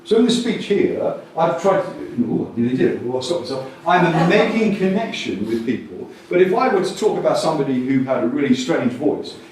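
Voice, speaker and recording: Lively man speaking in an echoey hall. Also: a little high, fairly quick, hardly any pauses, slight background noise. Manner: lively, jokey, acts out quotes in voices. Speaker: conference speaker. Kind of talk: animated keynote talk. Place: conference hall with audience. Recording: distant mic in an echoey hall.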